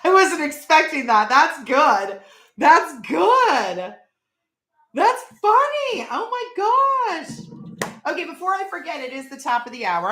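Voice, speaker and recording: Middle-aged woman, live-stream host, chatty and rambling, bright tone, echoey room. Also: mid-range voice. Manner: chatty, rambling, laughs at viewers' jokes. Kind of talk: casual live-stream chat.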